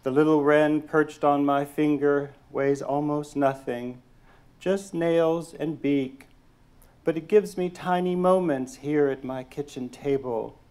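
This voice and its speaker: A man, a poet, reading his poems aloud at a lecture event, pausing with hesitant asides between poems and reading the verse in a slow, measured way. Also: fairly high pitch, fairly even intonation, a little mellow, smooth. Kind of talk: poetry reading. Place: lecture hall.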